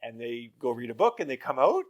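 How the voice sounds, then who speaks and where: A man's voice: medium pitch, fairly quick. A man in his forties hosting a casual interview, telling stories animatedly and acting out quotes. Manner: animated storytelling, acts out quotes. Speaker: interview host.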